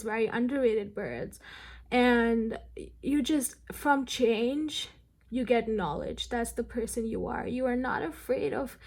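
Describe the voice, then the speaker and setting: Creaky-voiced woman giving a tarot reading. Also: a little high, a little mellow. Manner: rambling, filler-heavy, addressing viewers directly. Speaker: tarot reader. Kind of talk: pick-a-card tarot reading.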